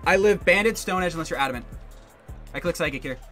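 A man commentating his own competitive game match, thinking aloud in quick bursts and getting excitable. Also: fairly high pitch, soft background music. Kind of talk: live gameplay commentary.

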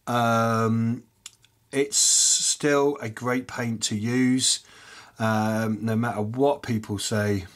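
A man hosting a casual miniature-painting tutorial, rambling with lots of fillers and muttering softly to himself as he paints, chewing peanuts as he talks. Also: on the low side. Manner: rambling, chatty, many fillers; chewing peanuts while talking. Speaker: miniature painting hobby channel host.

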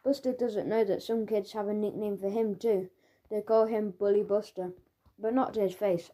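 A woman reads a children's book aloud in the voice of a cheeky schoolboy telling his own story. Her tone is warm and mellow, her pitch sits in a comfortable middle range, and the studio recording is close and clean. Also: normal speed, slight background noise. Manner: lively, storytelling, voicing a schoolboy's thoughts. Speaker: audiobook narrator. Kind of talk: first-person children's audiobook narration.

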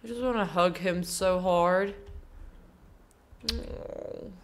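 A woman playing a video game and commenting casually, tender and emotional, cooing at a bear and swearing softly under her breath. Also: medium pitch, animated, slow pace. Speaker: gaming video host. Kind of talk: casual let's play commentary.

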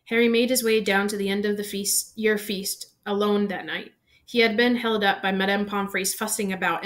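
A woman reading a novel aloud in steady storytelling narration. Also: medium pitch. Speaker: reader.

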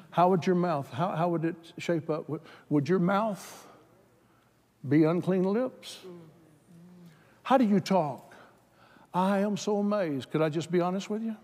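Guy preaching hard, kinda high voice, gets loud and fired up, big echoey church sound. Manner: builds from plain talk to shouted, high-pitched fervor. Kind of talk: sermon. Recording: hall reverb.

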